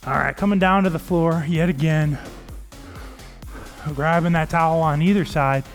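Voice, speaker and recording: A man's voice: a little high, fairly even intonation, normal speed, over music. Man coaching a workout with encouraging cues. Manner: encouraging, calls out cues and counts. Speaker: fitness coach.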